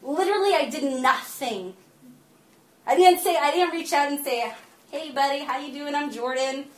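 Chatty woman preaching in a roomy hall. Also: high-pitched. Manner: lively, chatty, laughs often while telling stories; slows down and softens for earnest teaching. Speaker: speaker giving a talk to a small gathering. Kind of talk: sermon mixed with personal storytelling. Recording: roomy echo with faint background ambience.

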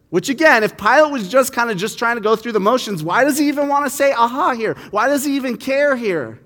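A man's voice: on the high side, a bit bright. Conversational man preaching in a reverberant hall. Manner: conversational, asks the audience questions, acts out quoted lines. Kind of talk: sermon teaching on a Bible passage.

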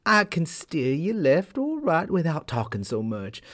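A man's voice: fairly high pitch, wildly swooping pitch, unhurried, fairly bright tone, pitched above the performer's own voice, heavily acted. A man voicing a sly, whimpering trickster male hare in a storybook tale.

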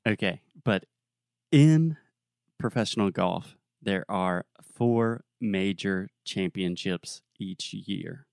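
A young adult man co-hosting a podcast, telling a story in a relaxed, casual way with plenty of fillers. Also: sits low, slow, creaky, no echo, clean studio sound. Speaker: podcast co-host.

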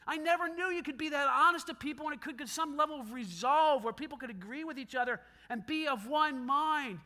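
A man's voice: extremely high pitch, brisk. A middle-aged male pastor preaching a sermon, telling stories and acting out quoted voices. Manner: animated storytelling with quoted voices.

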